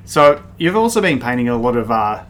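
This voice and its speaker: A man hosts a casual interview, asking loose, rambling questions in an easygoing way. His voice sits at a plain middle pitch. The tone stays friendly and conversational. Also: big pitch swings, a little fast, a bit bright.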